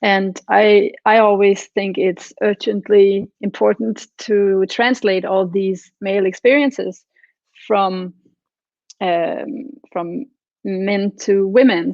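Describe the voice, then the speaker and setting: A woman's voice: medium pitch, creaky, a little mellow, no echo. Woman on a dull video call. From Denmark. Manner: matter-of-fact, explanatory. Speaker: guest artist. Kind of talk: interview answers. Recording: dry, dull lo-fi call audio.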